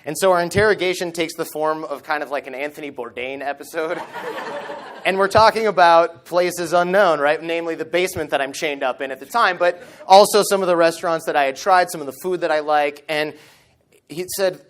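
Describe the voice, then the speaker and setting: A man's voice: a little high, brisk. Man telling a story on stage. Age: 30s. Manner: animated storyteller, acts out quoted lines. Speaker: conference speaker. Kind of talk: storytelling keynote talk. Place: conference stage. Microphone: stage microphone.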